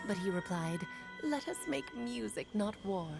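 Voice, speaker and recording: A woman's voice: medium pitch, lively intonation, unhurried, creaky, over music. A woman voicing a playful, grand older female witch in a game, theatrical and coy. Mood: storytelling. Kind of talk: game voice acting.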